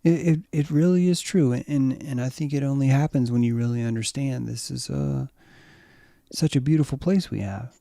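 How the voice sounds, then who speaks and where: Gravelly man in casual chat. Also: mid-range voice, normal speed, dry recording, clean studio sound. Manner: excitable, swears freely, repeats himself. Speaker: podcast co-host. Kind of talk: casual conversation.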